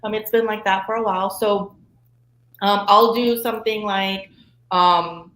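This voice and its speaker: A woman therapist talking as a guest in a casual interview, chatty and animated, with frequent laughs and fillers. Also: medium pitch, a little slow. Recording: roomy echo, faint room noise.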